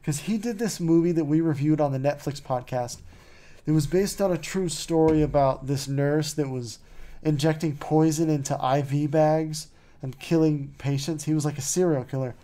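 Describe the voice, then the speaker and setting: A man's voice: a little high, steady tone, normal speed, mellow. A man hosting a podcast, chatting casually and rambling with lots of "like" and "you know" and wry, mocking asides. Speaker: podcast host. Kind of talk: casual chat.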